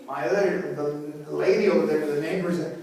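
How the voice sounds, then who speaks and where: A male priest preaching a sermon in a church, animated and joking, with many repetitions. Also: on the high side, normal speed. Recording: echoey hall, far from mic.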